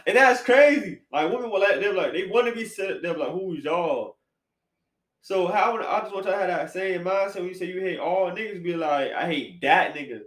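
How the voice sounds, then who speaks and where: A man hosting a casual podcast chat, animated and slangy, swinging between loud bursts and quiet asides. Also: sits high, normal speed. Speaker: podcast host. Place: apartment room. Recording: echoey room.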